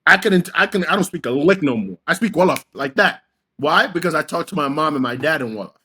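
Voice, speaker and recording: Animated young New man telling stories. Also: on the high side, quick pace, husky. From Senegal. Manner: animated storyteller, acts out his own quotes. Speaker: podcast co-host. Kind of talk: casual chat.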